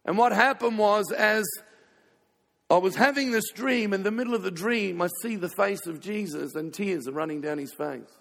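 A man pastor preaching a sermon, telling stories with sudden swings between loud passages and hushed ones. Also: high voice, moderate pace, vocal fry. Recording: reverberant hall.

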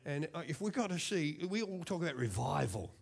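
A husky-voiced Australian man in his fifties preaches in a church, swinging his fairly high voice up and down with lively energy. He jokes with the congregation and repeats words for emphasis. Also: a little fast. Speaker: pastor. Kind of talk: sermon.

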